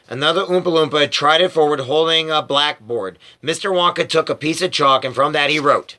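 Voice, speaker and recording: Bright-voiced man reading a story aloud. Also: a little high, normal speed, few pauses. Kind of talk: storybook read-aloud narration.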